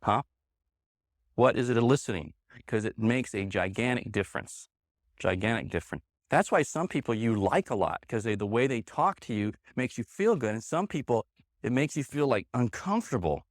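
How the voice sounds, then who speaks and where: In a meeting room full of trainees, a man teaches a live sales seminar through a handheld microphone. His mid-range voice is animated and moves at a normal speed, punchy and emphatic as he drives home key points again and again. The sound is studio-grade, free of any room sound.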